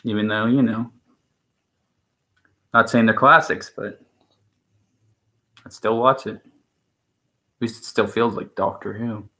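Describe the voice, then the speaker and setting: A man's voice: fairly low pitch, steady tone, slow, pauses often, sharp tone. A man co-hosting a stream in casual chat, rambling and opinionated, with many restarts. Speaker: stream co-host.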